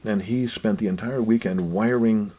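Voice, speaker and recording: An older man gently telling family stories in an unhurried, reflective way, his voice often dropping quiet. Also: on the low side, steady tone. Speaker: guest author.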